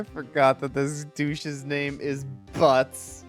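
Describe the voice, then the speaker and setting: A woman's voice: deep voice, expressive, normal speed, faint music behind. A woman streamer giving chatty, jokey commentary while playing a video game. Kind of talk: casual let's-play commentary.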